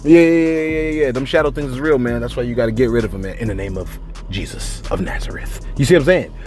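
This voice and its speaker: A man's voice: medium pitch, fast, darkish tone, soft background music. A man hosting a celebrity news channel in casual, rambling commentary, often asking "you see what I'm saying".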